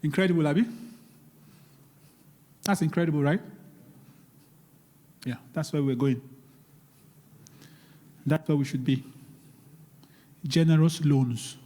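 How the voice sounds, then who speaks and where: A guest speaker on investing talks slowly, with long pauses, in a slightly high, dark-toned voice. At a live seminar in a church hall, he emphatically pleads with the audience and repeats key words, and the large hall lends long reverb.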